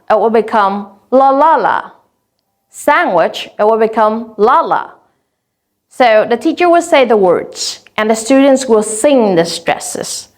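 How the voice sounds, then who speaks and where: Woman explaining vocabulary teaching methods. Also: a little high. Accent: Vietnamese. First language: Vietnamese. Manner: clear, deliberate, stretches example words slowly. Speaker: English teacher trainer. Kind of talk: instructional lesson on teaching vocabulary.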